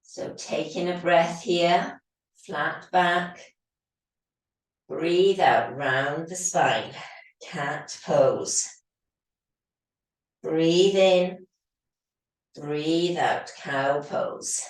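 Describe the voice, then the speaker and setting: A yoga teacher speaks slowly in a low register, her slightly hoarse voice suggesting she's losing it. Captured from well off the mic in a very echoey space, she gives steady, calm prompts for breathing.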